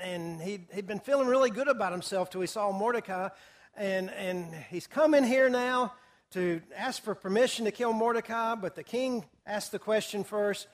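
High-voiced preacher teaching verse by verse. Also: male voice. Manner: animated storyteller, asks the audience questions. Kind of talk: expository Bible teaching.

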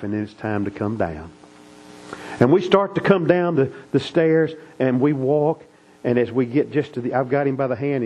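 A man's voice: medium pitch, a little mellow, a little hiss or hum, poor audio. A middle-aged man preaching, telling family stories in a folksy, earnest way. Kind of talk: sermon storytelling.

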